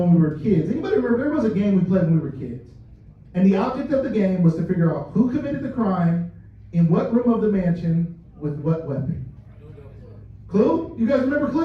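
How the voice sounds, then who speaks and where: A man with a high voice tells stories and talks directly to the people listening, chuckling now and then at his own anecdotes. He sounds far from the microphone, in a very reverberant room with a dull, muffled tone. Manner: storytelling, addresses the audience directly, laughs at own stories. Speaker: company leader giving a culture talk. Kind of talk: motivational talk to a live audience. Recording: distant mic, dull and echoey room sound.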